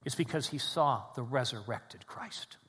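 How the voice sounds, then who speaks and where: A man preaching a sermon in a church, swinging between loud emphatic peaks and quiet, low drops. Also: measured pace, big-room sound. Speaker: pastor. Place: church sanctuary with congregation.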